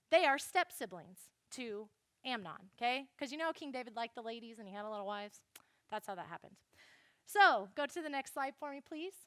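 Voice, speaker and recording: A young woman giving a chatty, animated Bible lesson to a youth group and speaking straight to the listeners. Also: high voice, no echo, clean studio sound. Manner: chatty, animated, addresses the audience directly.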